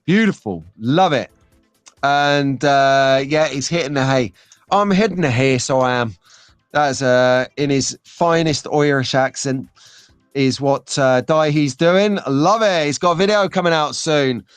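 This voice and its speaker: Upbeat male live-stream host, slightly higher voice, chatty and excitable, dry close sound. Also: a little slow, clean tone, no echo, soft background music. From England. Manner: chatty and excitable, gets frantic and loud at times. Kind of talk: casual live chat reading viewer comments.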